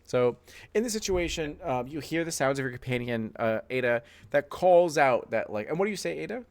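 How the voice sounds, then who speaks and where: A man's voice: fairly high pitch, lively intonation, fairly quick. A man narrating as game master of a tabletop game, loose and chatty with many fillers.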